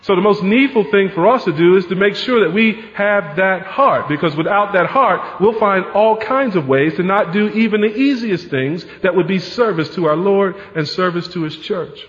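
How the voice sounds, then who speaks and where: A man's voice: high voice, normal speed, hardly any pauses, fairly bright tone. A man preaching a sermon as pastor, in a conversational way with frequent rhetorical asides. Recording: dull sound with long hall reverb.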